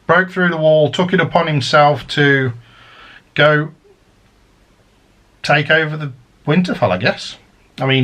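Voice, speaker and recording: A man's voice: medium pitch, fairly bright tone. A man chatting casually as he unboxes a collector's set, rambling and drifting into fan theories. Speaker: unboxing vlogger.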